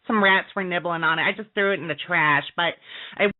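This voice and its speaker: A male caller putting on a high, giggly woman's voice and rambling with crude jokes. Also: brisk, lightly acted. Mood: giddy. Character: giddy high-voiced flirty woman, silly and breathless. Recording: tinny phone line over radio.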